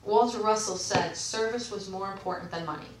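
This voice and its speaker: A woman talks through a relaxed vlog and reads passages aloud, wandering off and correcting herself as she goes. Her voice sits in the middle of the range and sounds a bit distant from the mic. The room is echoey, with a faint hiss of background noise. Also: mid-range voice, a little fast. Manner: rambling, with frequent self-corrections. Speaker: vlogger. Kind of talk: casual monologue, reading aloud from books.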